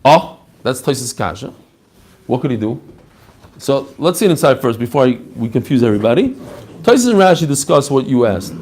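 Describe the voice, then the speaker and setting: A man teaching a lively Talmud class, mixing in Hebrew and Aramaic terms and acting out the rabbis' answers. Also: medium pitch, fairly quick, husky. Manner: animated, mixes Hebrew and Aramaic terms, acts out quoted answers.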